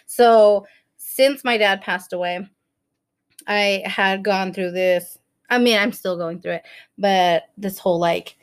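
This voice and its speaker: A woman's voice: medium pitch, slow, clear, resonant tone. A woman in her thirties co-hosting a podcast, telling a story in casual chat with lots of laughter and acted-out quotes. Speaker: podcast co-host.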